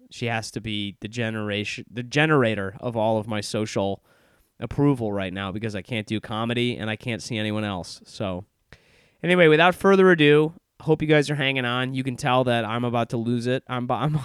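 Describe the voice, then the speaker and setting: Recorded close with no room sound, this young podcast host has a clean, resonant mid-range voice. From his Chicago office he delivers a rambling intro monologue, chatty and sardonic, frequently poking fun at himself.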